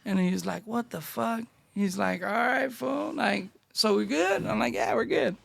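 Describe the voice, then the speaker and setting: La guy, middle-aged, raspy fry all over, high-ish voice, telling stories w/ lots of slang. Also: unhurried. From Northeast Los Angeles. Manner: animated street-slang storyteller, acting out dialogue. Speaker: guest. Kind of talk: casual storytelling interview.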